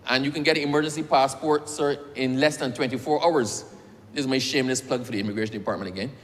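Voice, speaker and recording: A man with a medium-pitched voice talks fast in a parliament chamber, telling a personal story as he presents a bill. He repeatedly addresses the chair as "sir," and the debating chamber's acoustics are reverberant.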